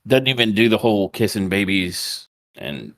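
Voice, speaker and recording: A man's voice: on the low side, big pitch swings, moderate pace, no echo. A man co-hosting a wrestling podcast, retelling the show in a laid-back, wry way. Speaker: podcast co-host. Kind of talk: casual podcast recap.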